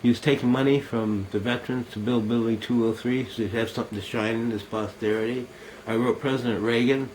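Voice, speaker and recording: A man's voice: mid-range voice, fairly even intonation, fairly quick, hardly any pauses, darkish tone, slight background noise, rough recording. An older man, a military veteran, delivering a bitter, accusing monologue to a camera at home, cursing and swearing.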